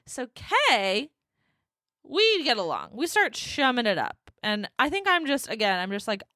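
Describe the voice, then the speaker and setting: A woman hosting a solo podcast, telling a story in an animated, profane and self-mocking way into a close mic. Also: fairly high pitch, unhurried, no echo. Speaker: podcast host.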